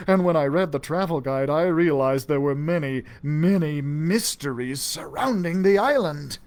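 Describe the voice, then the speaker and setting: A man reading a children's storybook aloud for a library, giving the first-person mouse narrator an animated, expressive delivery. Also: normal speed. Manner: animated, expressive reading with big pitch swings.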